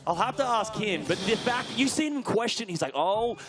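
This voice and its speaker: A man giving live BMX commentary, excitable, often shouting and gasping at big tricks. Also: high-pitched, brisk, background noise.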